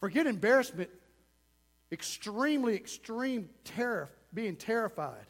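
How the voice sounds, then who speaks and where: A man preacher delivering a passionate sermon in a church, swinging between loud emphasis and hushed asides. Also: high-pitched, expressive, measured pace, big-room sound.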